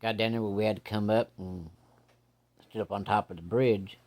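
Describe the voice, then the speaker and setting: Man, low voice, folksy storyteller, slow suspenseful ghost tale. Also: fairly even intonation, a little mellow. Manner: plain-spoken, drawling, folksy rural grammar. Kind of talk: casual first-person ghost story.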